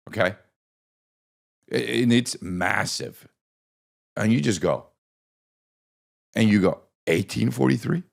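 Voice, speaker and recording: A man with a very low, gravelly voice and plenty of fry tells comic stories on his podcast. He rambles, swears freely and throws in sarcastic asides. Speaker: podcast host and stand-up comedian. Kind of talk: casual comedic storytelling.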